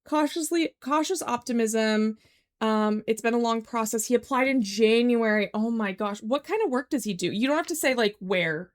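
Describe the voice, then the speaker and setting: A woman's voice: a little high, moderate pace. A young woman streaming from home, chatting casually and rambling with lots of "like"s. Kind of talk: casual live-stream chat. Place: home room.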